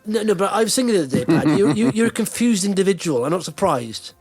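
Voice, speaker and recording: Lively high-pitched man podcast host. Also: quick pace, breathy edge, faint music behind. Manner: animated, teasing, self-interrupting. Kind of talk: casual banter podcast.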